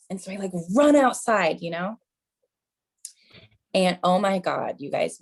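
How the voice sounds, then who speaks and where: Lively, low-voiced woman comic. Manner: chatty, keeps calling the crowd "you guys"; self-mocking mom jokes. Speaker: stand-up comedian. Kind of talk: stand-up set.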